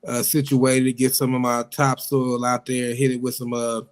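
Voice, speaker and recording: Easygoing male co-host, mid-pitched voice, unhurried slangy chat. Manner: laid-back, laughs easily, relaxed slang. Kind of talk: casual talk-show banter.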